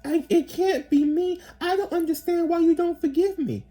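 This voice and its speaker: A man putting on a high, mocking falsetto to play a whiny old man who begs for forgiveness. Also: normal speed, mellow. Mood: pleading.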